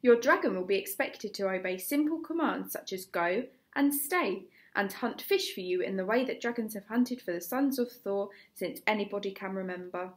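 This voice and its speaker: A woman with an English accent voicing a gruff, scornful male Viking teacher who shouts at his pupils. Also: medium pitch, normal speed, hardly any pauses, close to an everyday voice. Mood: lecturing.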